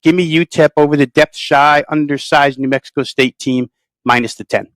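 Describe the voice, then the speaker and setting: A man's voice: fairly high pitch, fairly even intonation, moderate pace, a bit bright, no echo, low-quality recording. A man breaking down games as a sports betting handicapper, thorough and detailed in his analysis. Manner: thorough, detailed, long-winded.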